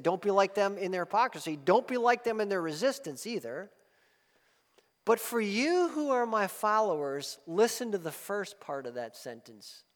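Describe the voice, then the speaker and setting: Man preaching in a church, high voice, long hall echo, swings from loud to soft. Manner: swells loud and quick then drops soft. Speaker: pastor. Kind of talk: sermon.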